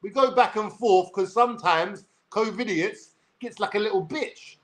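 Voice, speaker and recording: A young man with a London accent rambles through a livestream story. He is brash and sweary, and his voice sits fairly high for a man. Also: normal speed.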